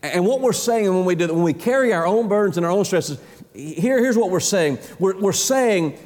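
A man preaching a sermon in an emphatic, repetitive way, his pitch climbing high and falling low. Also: lively intonation, moderate pace, a little mellow, big-room sound. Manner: emphatic, repeats words, rises and drops sharply in pitch.

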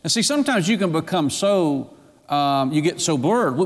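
A man's voice: on the high side, animated, normal speed, big-room sound. A man preaching a sermon to his congregation, emphatic and firing rhetorical questions at them.

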